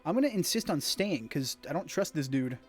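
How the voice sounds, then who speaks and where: A man's voice: fairly high pitch, big pitch swings, fairly quick, faint music behind. A man streaming a video game, reading its text aloud and chatting casually with rambling asides to viewers. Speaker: gaming streamer.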